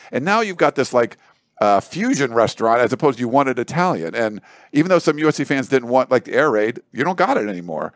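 A man's voice: medium pitch, lively intonation, quick pace, fairly bright tone, dry recording. A man giving casual sports commentary on a studio talk show, rambling and thinking aloud with lots of filler words and food analogies.

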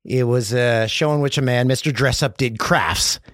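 A man's voice: mid-range voice, moderate pace, no echo, clean studio sound. A man hosting a podcast, from Canada, telling rambling jokey stories in a casual comedic monologue. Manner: rambling, jokey storytelling with lively swings. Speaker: podcast host.

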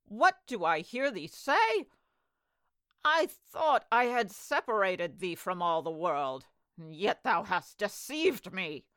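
A woman reads out a scornful, cruel old enchantress from a storybook, loud and slow with a raised, mocking voice that swoops up and down. The delivery is close and dry. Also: mid-range voice, very animated, clean tone, no room sound. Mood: angry.

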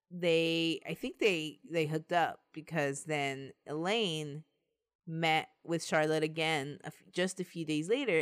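A woman's voice: deep voice, clean tone. A woman hosting a podcast, casually retelling a true-crime case, laughing often and swearing. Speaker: podcast host telling the case.

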